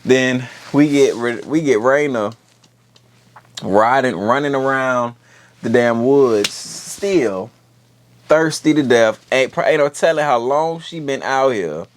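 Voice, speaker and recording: A man's voice: medium pitch, slow, slight background noise. A man giving a casual, joking show recap, full of slang and cursing. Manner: profane, slangy, joking, animated. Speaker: TV recap host.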